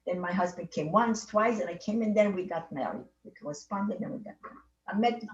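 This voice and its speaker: An oral history interview captures a Holocaust survivor in her eighties talking fairly quickly in a mid-range voice with a foreign accent in English. Her story meanders and repeats as she circles back and restarts sentences, all on dull, echoey, distant audio.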